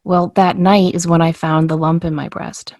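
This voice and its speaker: Animated storytelling woman, low and dry. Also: moderate pace, no echo. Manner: animated storyteller, acts out quoted dialogue. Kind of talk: casual podcast conversation.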